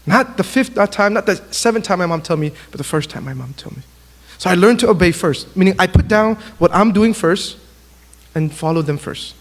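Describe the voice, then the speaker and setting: A man giving a sermon to young people, telling animated stories and acting out little exchanges. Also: sits high, brisk. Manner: animated storytelling, acts out quotes. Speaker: youth speaker. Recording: long hall reverb.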